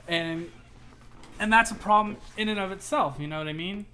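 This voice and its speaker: Animated young man hosting a chat podcast. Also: high-pitched, normal speed, clear, resonant tone. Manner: animated, repeats words, swears casually. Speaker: podcast host. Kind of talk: casual chat.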